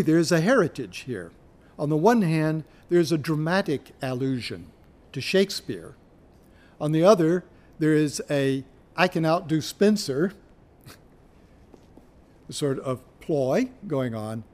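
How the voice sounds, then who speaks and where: A man giving a university lecture on poetry, speaking in a measured way with pauses, sometimes searching for his place. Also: medium pitch, darkish tone. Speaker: literature lecturer.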